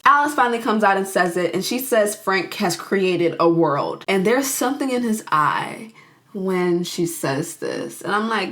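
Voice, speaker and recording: A young woman, a movie reviewer, recaps a film in a chatty, casual way with a medium-pitched voice. She's animated, quickly acting out the characters' lines in her own voice and filling the recap with asides and reactions.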